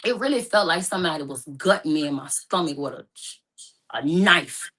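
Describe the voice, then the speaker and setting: Telling her own emotional story as a guest, a young woman plays both parties in her phone calls. She speaks at normal speed in an expressive, low-sitting voice that is a bit bright.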